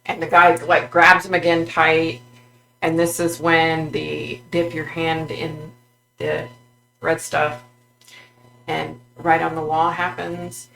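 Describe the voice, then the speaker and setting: A woman vlogger recounting a psychic vision in a halting way, with many fillers and restarts. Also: low-pitched, little pitch movement, gravelly, fairly bright tone, soft background music, poor audio.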